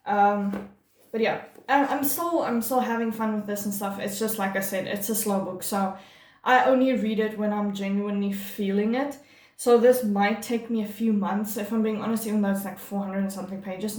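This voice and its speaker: Female book vlogger, casual and effusive, mid-pitched, recorded in an echoey room. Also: darkish tone. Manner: chatty and gushing, many fillers and restarts. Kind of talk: casual monthly reading wrap-up.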